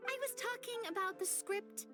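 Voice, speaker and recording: Bubbly young noblewoman for a game; high, expressive and chatty. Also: normal speed, music in the background. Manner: bubbly and expressive, thinking aloud. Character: cheerful, lively young noblewoman. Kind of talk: game voice acting.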